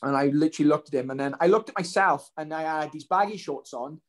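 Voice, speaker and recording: A man's voice: a little high, fast. A man, telling a story casually as an interview guest, rambling with many ums and restarts. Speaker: guest, professional fighter.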